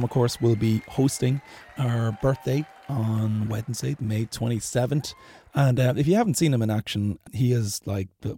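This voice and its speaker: Gravelly-voiced man presenting. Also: mid-range voice, warm tone, dry recording, clean studio sound. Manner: loose, with fillers and restarts. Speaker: podcast presenter. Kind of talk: casual show introduction.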